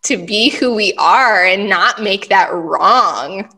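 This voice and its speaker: A woman's voice: mid-range voice, takes it slowly, sharp tone. A woman hosting a casual podcast conversation, chatty and full of fillers, often acting out her own thoughts as quotes. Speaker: host, money and business mentor.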